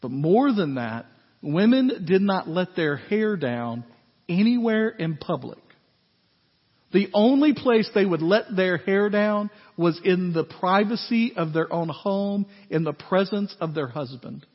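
A man preaching a sermon as pastor in a conversational, animated way, with frequent asides to his congregation. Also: high voice, unhurried. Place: church sanctuary. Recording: echoey hall, dull lo-fi sound.

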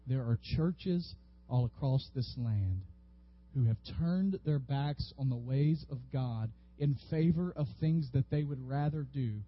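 A man preaching a sermon as a pastor, lively and animated, sometimes acting out the people in the story. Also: medium pitch, moderate pace. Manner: animated, acts out biblical figures with rising voice. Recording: dull, slightly lo-fi audio.

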